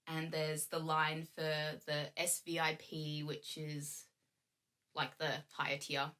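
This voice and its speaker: Young aussie woman, low-ish bright forceful voice, chatty storytelling, laughs a lot. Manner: chatty, laughs often, acts out quoted lines. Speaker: guest. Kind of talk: casual storytelling chat.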